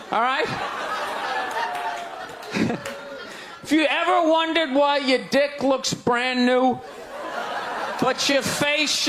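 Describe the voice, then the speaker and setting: Stand-up comic, middle-aged man with a high voice, exasperated ranting, recorded live with crowd laughter and noise. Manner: loud, exasperated ranting with sudden shouts. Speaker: stand-up comedian. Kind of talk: stand-up comedy set. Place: comedy club stage before a laughing crowd.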